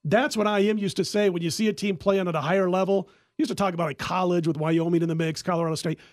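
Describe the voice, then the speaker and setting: A high-pitched man telling a lively story on a sports-betting podcast, laughing as he goes. The sound is dry and close, with no echo. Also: fast talker. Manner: animated storyteller who laughs often. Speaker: podcast host and sports handicapper.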